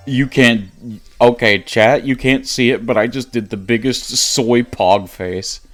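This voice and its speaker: With faint music in the background, a man livestreams his gameplay, bantering and laughing with the people in his chat. He sounds medium-pitched, a bit bright, and unhurried.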